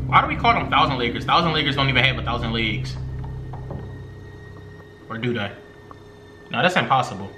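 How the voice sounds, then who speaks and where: A man's voice: mid-range voice, lively intonation, fairly quick, long pauses, over music. A young man hosting a reaction video, with joking, slangy banter. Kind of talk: casual reaction commentary.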